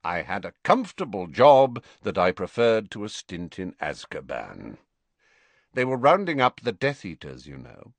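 Reader as a cold, unhurried wizard, low-voiced, dry delivery, bored calm. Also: male voice, no echo, full character voice. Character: cold, composed male wizard spy.

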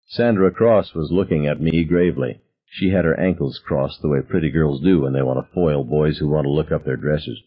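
Deep, husky male audiobook narrator. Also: moderate pace, narrow, tinny audio. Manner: expressive first-person storytelling.

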